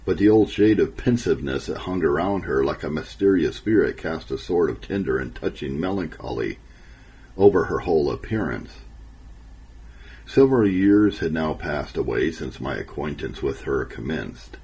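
A man narrating an old memoir in a measured, earnest and solemn way. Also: a bass voice, expressive, warm tone, husky, poor audio.

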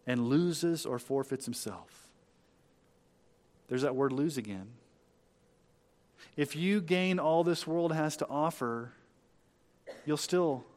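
A male pastor preaching a sermon, swelling loud on key lines and dropping low, reading scripture slowly and with emphasis.

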